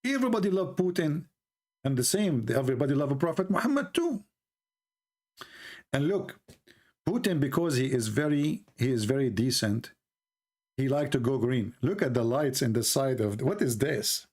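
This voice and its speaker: A man's voice: mid-range voice, animated, normal speed, darkish tone. Sarcastic man with a Middle Eastern accent. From Middle East. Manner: mocking, sarcastic, broken English. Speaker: show host. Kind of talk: sarcastic livestream monologue.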